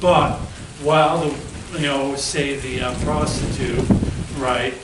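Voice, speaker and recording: A man of middle pitch hosts a loose, rambling interview and keeps tacking "right?" onto his sentences. He sits away from the microphone in an echoey room with a steady hiss of noise behind him. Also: slow pace. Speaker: interviewer host. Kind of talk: casual interview. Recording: echoey room, far from the mic, noisy.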